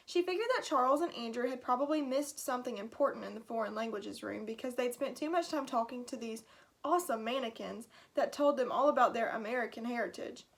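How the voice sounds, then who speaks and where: A woman teacher reads a chapter book aloud to her class. Her voice is high, and she drops in chatty asides between passages. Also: a little fast.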